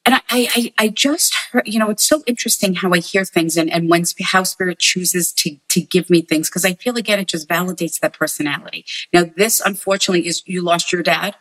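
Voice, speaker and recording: In a rough recording, a female psychic medium conducts a spirit reading, sincerely relaying messages to those in front of her and frequently saying things more than once. Her voice sits on the low side with a slightly bright tone, and she talks fairly quickly, pausing little.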